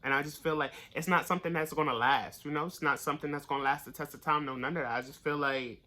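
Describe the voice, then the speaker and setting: Bright-voiced, blunt tarot reader. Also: steady tone, fast. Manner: blunt, profane, pep-talk delivery; gets louder and higher when fired up. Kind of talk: casual tarot reading monologue.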